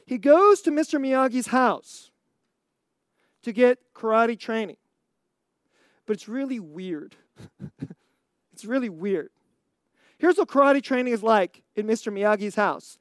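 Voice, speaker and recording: An American preacher telling a story in a sermon, animated, acting out scenes and laughing often. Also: medium pitch, a little slow, pauses often, no room sound, clean studio sound. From United States.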